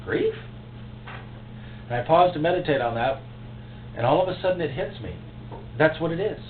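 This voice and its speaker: A man preaching a sermon as pastor, emotional and impassioned, with sudden loud outbursts. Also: fairly high pitch. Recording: echoey, tinny phone-like recording with faint hum.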